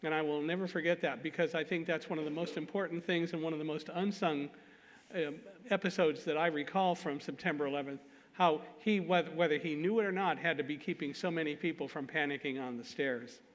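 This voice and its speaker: At a conference, a man with a slightly high voice tells a story fairly quickly. He's lively, throws in self-deprecating jokes and laughs at himself, all under the long reverb of the hall.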